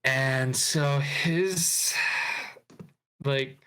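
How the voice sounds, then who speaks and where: Bright-voiced, unhurried podcast co-host. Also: male voice, mid-range voice, clean tone. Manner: retells a script with fillers and asides. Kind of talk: casual chat.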